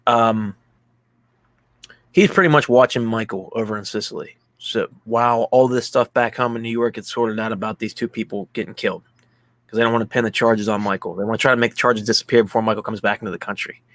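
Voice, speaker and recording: A man's voice: on the low side, fairly even intonation, fast talker, fairly bright tone, no echo. Rambling young man recapping a movie. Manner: rambling, heavy use of "like", acts out quotes. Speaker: podcast co-host. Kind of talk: casual movie recap chat.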